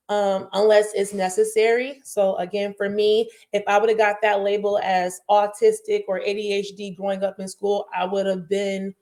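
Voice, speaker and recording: A woman's voice: mid-range voice, a little mellow. Candid, rambling woman care provider. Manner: rambling, candid, frequent fillers and restarts. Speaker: early childhood care provider. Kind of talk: casual talk to parents.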